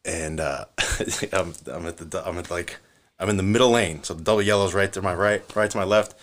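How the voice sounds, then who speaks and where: A man's voice: low-pitched, steady tone, fairly quick, fairly bright tone. A middle-aged man, a former police officer, telling a long story casually, swearing, chuckling and using a lot of fillers.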